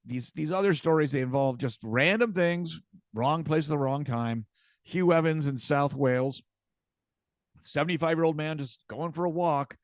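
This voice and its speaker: A man hosting a podcast, telling stories in casual chat, halting and repeating words as he goes. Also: on the high side, no room sound, studio quality. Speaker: podcast host.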